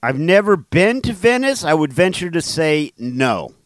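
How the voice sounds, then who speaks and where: A man's voice: on the high side, big pitch swings, measured pace, dry recording. A man co-hosting a word podcast in casual chat, goofy and laughing at his own puns. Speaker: podcast co-host.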